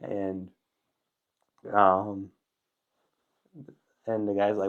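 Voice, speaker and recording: Man, low-ish voice, casual podcast storyteller, rambling and chuckling. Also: completely flat delivery, very slow, pauses often, muffled recording.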